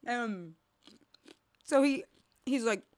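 A woman's voice: fairly high pitch, lively intonation, very slow, dry recording, clean studio sound. A young woman co-hosting a podcast, casually retelling a movie plot, acting out quotes, laughing and swearing. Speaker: podcast co-host. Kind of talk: casual movie recap chat.

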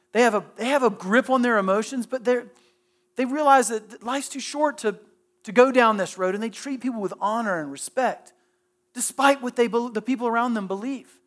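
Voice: medium pitch, fairly bright tone. Conversational pastor preaching a sermon. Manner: conversational preaching with direct questions to listeners; often restarts and repeats phrases.

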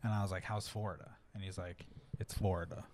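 There's a little hiss or hum as a young man with a low voice talks at a quick pace. Co-hosting a podcast in casual chat, he retells a story animatedly, rambling loosely and dropping in lots of fillers.

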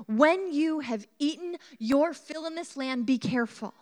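High-voiced woman preaching a sermon. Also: measured pace, hardly any pauses. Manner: animated storytelling, engages the congregation with questions. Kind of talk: sermon with personal story.

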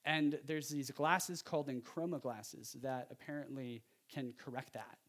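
A man preaching a sermon in a conversational, animated way, with joking asides to the congregation. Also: medium pitch, a little slow. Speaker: pastor.

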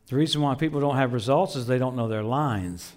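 A middle-aged man preaching a sermon, telling stories with lively swings between loud bursts and low murmurs, laughing often. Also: fairly quick. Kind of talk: sermon with storytelling.

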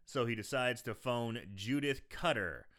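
A man's voice: mid-range voice, a bit bright. A man casually recapping a movie scene by scene on a podcast, rambling, swearing and laughing easily. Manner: rambling, profane, quick to laugh. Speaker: podcast host.

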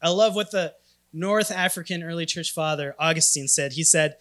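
A man from Minnesota in his thirties preaching a sermon, telling stories with animated, emphatic swings in loudness. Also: fairly high pitch, normal speed. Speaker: pastor.

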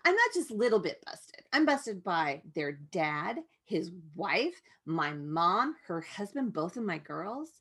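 A woman guest telling a personal story in a frank, halting way, with many restarts and asides. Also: on the low side, very animated, a bit bright, husky.

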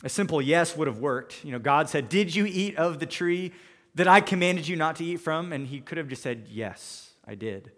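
A man's voice: on the high side, expressive, moderate pace, fairly bright tone, in a large hall. A man preaching a sermon, walking through scripture verse by verse and voicing the characters in his own paraphrases. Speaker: pastor.

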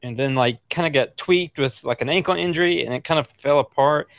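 A man's voice: on the high side, brisk, creaky, dry recording, dull audio. A man co-hosting a casual sports podcast, jumping in with stats and jokes. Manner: lively, jumps in with stats and cracks. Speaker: podcast co-host. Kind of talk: casual chat.

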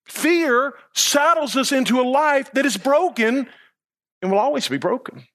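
A man's voice: very high voice, lively intonation, measured pace, a bit bright. A man preaching a sermon as pastor, emphatic, with repeated phrases and rhetorical questions.

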